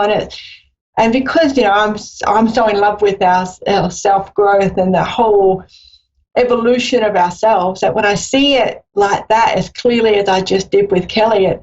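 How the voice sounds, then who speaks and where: Australian woman, psychic call-in host, encouraging and rambling, slightly dull lo-fi sound. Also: mid-range voice. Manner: warm, encouraging, rambling with fillers. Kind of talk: live call-in psychic reading.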